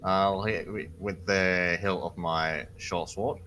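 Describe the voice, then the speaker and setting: A man's voice: deep voice, fairly even intonation, slow, sharp tone, a little hiss or hum. A man playing in a tabletop game, hesitant and plain as he checks the rules. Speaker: player. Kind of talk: casual tabletop game chat.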